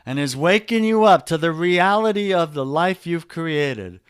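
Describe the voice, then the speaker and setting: A man with a New York accent talks in a fired-up, preachy coaching style, leaning hard on his points. His voice sits a touch higher than most men's. The sound is dry and close, with no room echo. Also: lively intonation, unhurried, clear, resonant tone. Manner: emphatic, preachy, calls listener brother. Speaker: podcast guest, men's coach. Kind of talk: energetic motivational talk.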